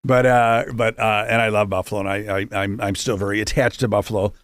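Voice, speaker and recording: A guest entrepreneur from Rochester, New York, in his fifties, tells a casual story peppered with jokes and tangents. His lowish voice keeps a steady tone at a fairly quick clip, recorded with no room sound.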